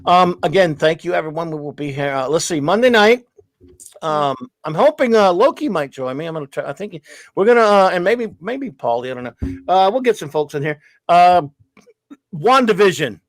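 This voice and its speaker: A man's voice: high-pitched, sing-song, moderate pace, no echo. A man hosting a casual live show, rambling and joking at his own expense. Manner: rambling, self-deprecating joker. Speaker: host. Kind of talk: casual livestream chat.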